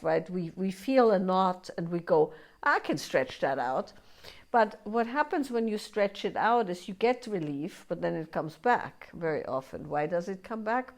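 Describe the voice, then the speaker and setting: A woman's voice: mid-range voice, darkish tone. A woman teaching a live workshop in a conversational way, often checking in with "right?" and acting out inner voices in quoted asides. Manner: conversational, keeps asking "right?".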